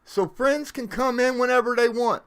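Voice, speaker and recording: A man's voice: normal speed, clean tone. Rambling man hosting a home livestream. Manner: rambling, many fillers, animated swings in pitch and volume. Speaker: livestream host. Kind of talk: casual livestream chat.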